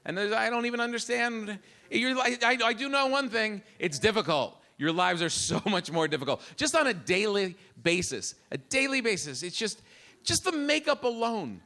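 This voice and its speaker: A middle-aged man performing a live stand-up routine, animated, acting out the voices of his family. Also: high voice, moderate pace. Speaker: stand-up comedian. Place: comedy club stage. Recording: live club with audible room noise.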